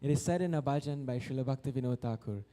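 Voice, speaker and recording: A man's voice: medium pitch, rapid-fire, mellow. A man telling a devotional story in a sermon, acting out the voices of the people in it and now and then singing verses. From Guyana. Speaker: devotional speaker. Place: temple hall.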